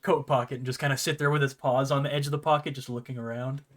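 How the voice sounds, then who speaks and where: A man narrating as game master of a tabletop game, easygoing and quick to laugh. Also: mid-range voice, level tone.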